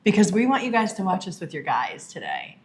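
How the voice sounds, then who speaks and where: A woman's voice: lowish voice, wildly swooping pitch, fairly quick. A woman from Massachusetts co-hosting a casual podcast with her husband, bubbly and teasing. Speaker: podcast co-host. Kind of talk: casual chat.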